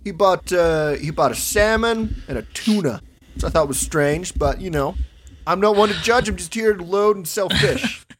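A man's voice: high-pitched, normal speed, a little hiss or hum, close to an everyday voice. A man doing a busy, chatty dock worker.

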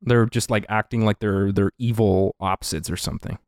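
A man's voice: on the low side, steady tone, brisk, darkish tone, clean tone, dry recording, clean studio sound. A man co-hosting a podcast in casual chat, skeptical and wry, full of questions. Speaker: podcast co-host.

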